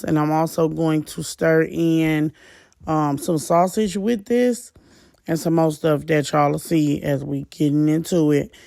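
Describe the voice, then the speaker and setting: A woman's voice: sits low, creaky, a little mellow, no room sound, clean studio sound. A woman narrating her cooking in a casual, chatty way, speaking straight to her viewers with loose, informal talk and the odd curse word. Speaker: home cook vlogger. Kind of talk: casual cook-along narration.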